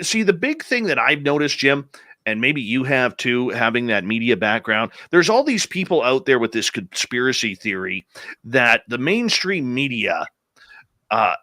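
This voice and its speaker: In a medium-pitched voice with no room sound, a man from Canada who hosts radio spins a tale in relaxed conversation. He's a lively storyteller who voices the words of the people in it.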